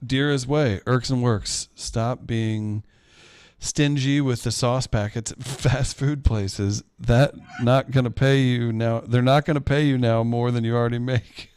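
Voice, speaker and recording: A man's voice: medium pitch, fairly even intonation, measured pace, darkish tone. A man co-hosting a comedy podcast, chatting casually and reacting in an easygoing, dry way. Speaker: podcast co-host. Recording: music playing clearly behind.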